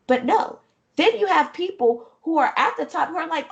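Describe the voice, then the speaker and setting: A young adult woman, a gaming streamer, talking casually and expressively in an interview, often laughing and lively. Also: very high voice, normal speed. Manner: animated and expressive, jumps into quoted voices, laughs often.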